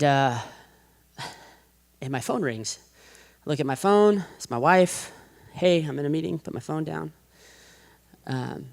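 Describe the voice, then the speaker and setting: A man's voice: mid-range voice, vocal fry. Man telling his testimony, filler-heavy. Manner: casual, heavy use of "like", acts out quotes. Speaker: podcast guest. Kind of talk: personal testimony.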